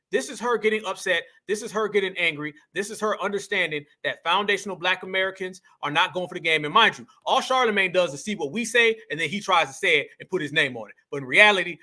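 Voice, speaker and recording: Fast, bright-voiced man ranting. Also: high voice. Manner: emphatic, slangy, addresses viewers as family. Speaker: commentary show host. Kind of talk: political commentary rant.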